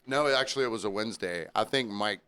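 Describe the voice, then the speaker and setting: A man co-hosting a podcast, telling relaxed anecdotes in a casual chat. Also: lowish voice, quick pace, clear, resonant tone.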